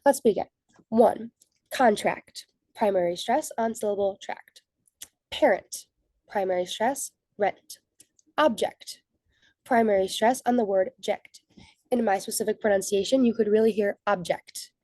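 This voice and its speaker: A woman's voice: medium pitch, moderate pace, dark tone, dry recording. A young woman, a student, giving a methodical scripted slide presentation for a class. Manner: methodical, reads from prepared notes.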